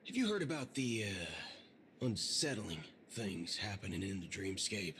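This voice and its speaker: A man's voice: sits low, lively intonation, unhurried, background noise. A man voicing a wisecracking, impatient young traveler in a game dub. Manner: sarcastic, mild fake swearing.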